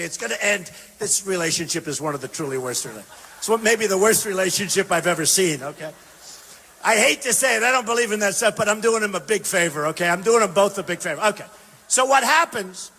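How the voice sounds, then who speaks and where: A man giving a campaign rally speech, emphatic and repetitive, swinging between shouted bursts and quiet asides. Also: sits high, breathy edge. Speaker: political candidate speaking at a rally. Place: large university venue. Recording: long reverb from a big hall.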